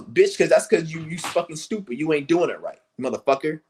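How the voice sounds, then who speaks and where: Angry, profane man ranting, pitched high. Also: lively intonation, a little fast, hardly any pauses, a little mellow, husky. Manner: angry, cursing, mocking; breaks into high mocking impressions of others. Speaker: livestream host. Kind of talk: profane rant to camera.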